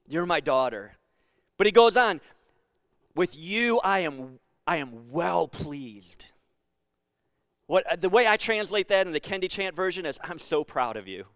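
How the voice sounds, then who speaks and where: High-voiced pastor preaching an earnest sermon. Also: male voice, clear, resonant tone, no room sound, clean studio sound. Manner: earnest, drops to a hushed voice for quoted lines; repeats words when building a point.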